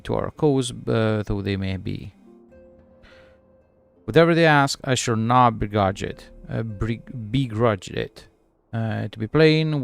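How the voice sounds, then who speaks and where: A man's voice: fairly low pitch, gravelly, smooth. A man voicing an earnest, formal young male scholar, reading the lines aloud with stumbles.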